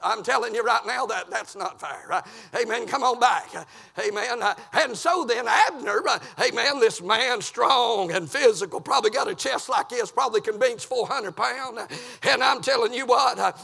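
A man preaching a folksy, animated sermon in a large church, peppering it with "uh" and "amen" and getting out of breath. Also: extremely high pitch, normal speed, gravelly, slightly rough. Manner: Southern rural folksy preaching with fillers of "uh" and "amen". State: out of breath from running around.

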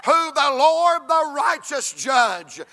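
A male preacher delivering a sermon in rhythmic, shouted, repeated exhortations. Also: very high-pitched, sing-song, slow pace.

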